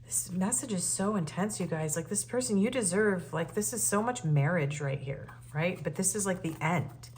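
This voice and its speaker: A woman's voice: lowish voice, normal speed, few pauses, a little mellow, slight background noise. Earnest woman reading tarot cards. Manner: earnest and emotional, many fillers and restarts. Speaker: tarot reader. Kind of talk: casual spoken tarot reading.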